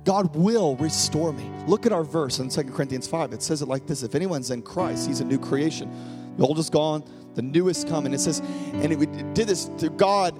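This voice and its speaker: A man preaching a sermon as pastor, emphatic, repeating key phrases and swinging between loud and hushed. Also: on the high side, brisk, over music.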